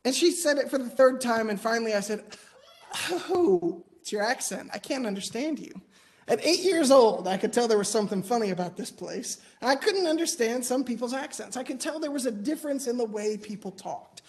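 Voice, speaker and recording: A man's voice: very high-pitched, expressive, fairly quick, few pauses. Man, preacher, conversational sermon, personal stories, light humor, church setting. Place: church auditorium.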